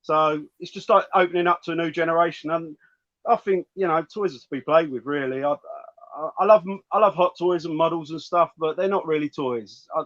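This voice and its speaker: A man with a fairly high voice chats loosely about toys, cursing casually as he goes. The sound is dry and a bit dull, like a lo-fi call. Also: a little fast, fairly bright tone, no echo. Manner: chatty, swears casually. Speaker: guest toy collector. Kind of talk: casual chat. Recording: dull lo-fi audio.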